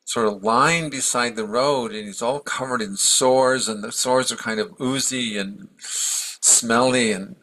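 A man's voice: medium pitch, a little slow, bright, forceful tone, low-quality recording. A man giving a casual, rambling storytelling talk as a meditation teacher, with easy fillers and restarts.

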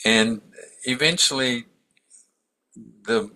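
A man's voice: medium pitch, takes it slowly, sharp tone, poor audio. A man giving a casual, rambling storytelling talk as a meditation teacher, with easy fillers and restarts.

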